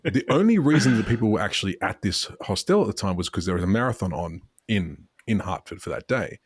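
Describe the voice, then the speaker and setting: A man's voice: fairly low pitch, lively intonation, quick pace, slightly rough, no echo, clean studio sound. An Australian man hosting a podcast, chatting casually in a rambling way and often restarting his sentences. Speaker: podcast host. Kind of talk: casual banter.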